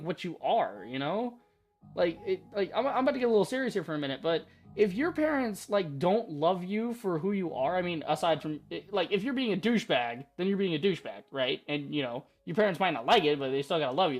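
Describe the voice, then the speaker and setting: A young man reading and commenting on a story game, casual and excitable, swearing freely and reacting loudly. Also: a little high. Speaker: gaming YouTuber. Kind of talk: let's-play commentary.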